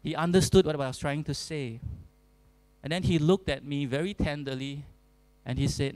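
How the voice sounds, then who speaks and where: A man preaching a sermon as pastor, earnest and deliberate, with emphatic repetition. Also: a little high, darkish tone, dry recording, low-quality recording. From Singapore.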